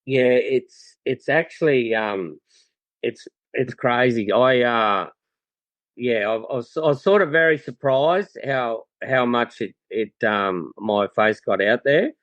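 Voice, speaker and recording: An Australian man guesting on a podcast, telling stories in a relaxed way with many fillers and restarts. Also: mid-range voice, takes it slowly, dry recording, lo-fi sound. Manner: laid-back storyteller, lots of fillers and restarts. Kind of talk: casual chat.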